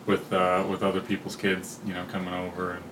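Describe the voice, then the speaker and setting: A man's voice: low voice, monotone, fairly quick, a bit bright. A man interviewing a retired singer, asking questions in an easygoing, encouraging way.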